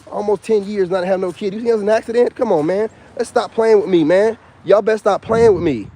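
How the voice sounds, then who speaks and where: A man's voice: high-pitched, brisk, hardly any pauses, mellow. A man in his thirties talking in a casual vlog monologue, emphatic and repetitive with a slangy delivery. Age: 30s. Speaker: YouTuber.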